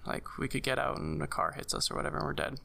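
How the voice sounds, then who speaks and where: Young guy, gravelly but clear voice, flat delivery, keeps restarting and saying um. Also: fairly high pitch. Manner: halting, many fillers and restarts. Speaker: guest sharing a personal story. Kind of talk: casual conversational storytelling.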